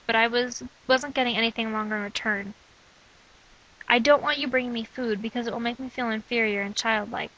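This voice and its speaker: A young woman reading aloud from her own diary in an earnest, steady way. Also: on the high side, lo-fi sound. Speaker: narrator of own testimony.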